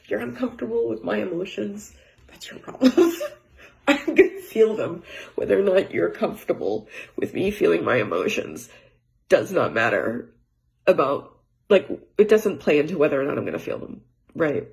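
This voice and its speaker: Soft, gravelly-voiced woman musing aloud. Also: lowish voice, very animated. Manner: soft-spoken, often trailing into near-whispers; rambling, halting restarts, frequent light laughs. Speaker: vlogger. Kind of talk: reflective personal monologue. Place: home with cats.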